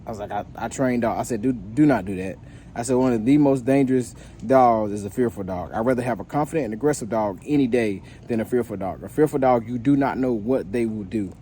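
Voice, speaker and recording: A man who works as a dog trainer talks casually to his viewers, recounting a story in a loose, meandering way with plenty of "um"s and restarts. His voice is mellow and mid-pitched, with a faint hiss under it. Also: fairly quick. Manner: relaxed, rambling with many fillers and restarts.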